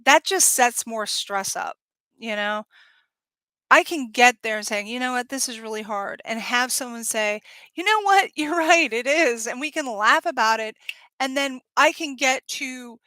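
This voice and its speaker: A woman's voice: a little high, a little slow, bright, forceful tone, no echo. A woman hosting her own channel, talking candidly and with feeling, often acting out the voices of people she quotes. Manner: thinks aloud with fillers and restarts. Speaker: channel host. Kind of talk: casual talk to camera.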